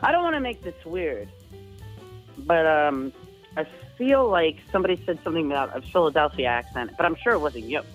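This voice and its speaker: A woman's voice: deep voice, expressive, brisk, lo-fi sound, soft background music. A woman calling in to a stream, hesitant with many fillers but playful. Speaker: caller. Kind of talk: casual phone-in chat.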